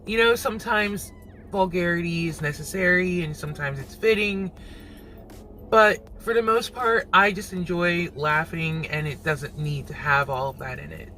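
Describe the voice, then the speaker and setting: A man hosting his own reaction channel, musing aloud in casual commentary and quick to laugh. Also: sits high, bright, forceful tone, faint music behind, rough recording.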